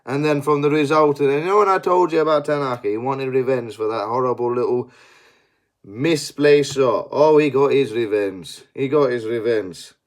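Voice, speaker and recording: A man's voice: medium pitch, moderate pace. A young man giving a sweary, exasperated post-match analysis as a football fan.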